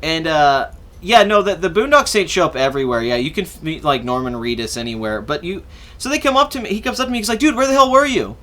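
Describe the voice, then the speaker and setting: A young man with a high, bright voice tells a long story on his podcast. He rambles through it casually, swears freely and acts out what people said along the way. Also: sing-song, quick pace. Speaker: podcast host.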